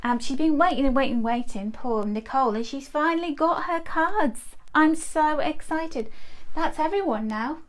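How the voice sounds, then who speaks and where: A middle-aged woman with a slightly high voice hosts a live stream and greets her viewers one by one. She talks in a chatty, effusive way and sometimes stumbles over her words. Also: expressive, moderate pace. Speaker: host of a live tea leaf reading stream.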